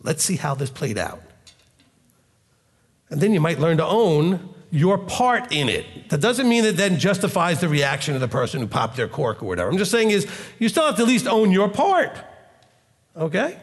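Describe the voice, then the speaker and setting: A man's voice: on the high side, moderate pace, long reverb tail. A man teaching as a rabbi, asking rhetorical questions and acting out both sides of everyday arguments. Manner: animated, acts out dialogue, rhetorical questions.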